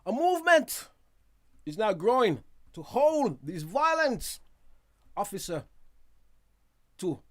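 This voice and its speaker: A man hosting a casual news roundup from a studio, chatty and quick to laugh at himself, with asides to his viewers. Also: sits high, very animated, a bit bright. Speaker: news show host.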